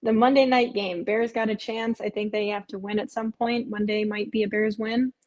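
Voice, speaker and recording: A woman's voice: mid-range voice, flat delivery, normal speed, a little mellow. A woman hosting a live stream, chatting casually and answering viewer comments, with frequent "um" fillers and repeated phrases. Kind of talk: casual live watch-along chat.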